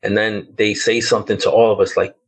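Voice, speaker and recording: A somewhat low-voiced man around fifty, from the Bronx, talks through a haunting memory as a podcast guest. He tells it casually and haltingly, stacking fillers as he feels for the right words. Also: level tone, slightly rough, low-quality recording. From the Bronx, New York. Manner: loose, hesitant storytelling with many fillers like "like" and "um". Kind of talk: telling a personal ghost story.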